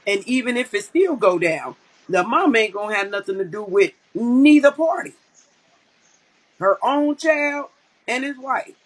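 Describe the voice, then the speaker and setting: A woman's voice: on the high side, a little slow, poor audio. A woman co-hosting a casual live-stream commentary, blunt and profane as she tells stories. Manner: blunt, profane, animated storytelling.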